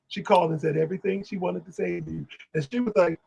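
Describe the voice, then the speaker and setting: A man telling animated stories on a live stream, acting out the people he quotes. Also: high voice, fast, vocal fry, husky, rough recording. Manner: lively, talks over himself, acts out quotes.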